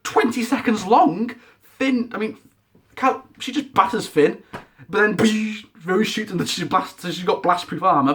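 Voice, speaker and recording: Exasperated man ranting about a film. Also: high-pitched. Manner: animated, exasperated, sound effects. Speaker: film reviewer. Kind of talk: ranting film review vlog.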